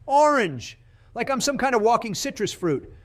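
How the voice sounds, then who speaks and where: A man's voice: very high-pitched, very animated, normal speed. Man doing a bragging blowhard politician impression. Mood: boastful. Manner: bragging, insulting, repetitive superlatives. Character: boastful blustering male politician impression. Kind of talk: comedic gameplay voice impression.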